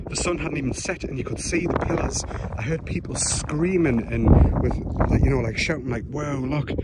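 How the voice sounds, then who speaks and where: A man talking into his phone camera outdoors at night, breathless, excited and rambling. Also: medium pitch. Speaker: landscape photographer vlogger. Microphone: phone camera held by hand. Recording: heavy wind noise on phone mic. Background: loud wind.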